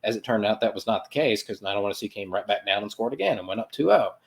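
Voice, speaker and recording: A man's voice: lowish voice, lively intonation, quick pace, gravelly. A man hosting a soccer podcast, recapping a match in a loose, sarcastic monologue with playful sound effects and self-corrections. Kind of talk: casual sports recap monologue.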